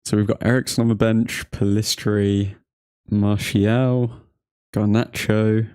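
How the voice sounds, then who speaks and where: Young man from England, stream host, low and mellow, jokey and chatty, dry booth sound. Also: flat delivery, slow, clear, resonant tone, dry recording. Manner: joking, laughs often, chats to chat viewers. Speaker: watchalong livestream host. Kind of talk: casual live chat to viewers.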